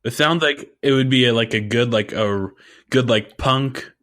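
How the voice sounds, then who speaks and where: A man's voice: mid-range voice, moderate pace, a bit bright. A man co-hosting a podcast, telling anecdotes in laid-back casual chat with frequent laughs. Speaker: podcast co-host.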